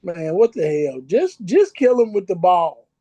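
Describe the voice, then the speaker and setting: A man's voice: high-pitched, big pitch swings, unhurried, mellow, dry recording. A man co-hosting a casual sports podcast, talking bluntly and emphatically in slang. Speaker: podcast co-host. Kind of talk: casual chat. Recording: slightly dull lo-fi audio.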